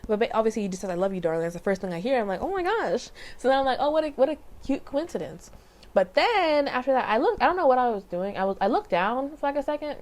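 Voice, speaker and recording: A young adult woman vlogs casually about something that happened to her, rambling with lots of fillers, restarts, self-corrections and small laughs. Her fairly high voice swings widely in pitch, and she talks fast with a slightly mellow tone.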